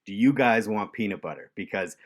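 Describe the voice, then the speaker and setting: A man's voice: on the low side, lively intonation, brisk. Man doing a firm, fussy old-salt skipper. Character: calm, fussy male sailing captain.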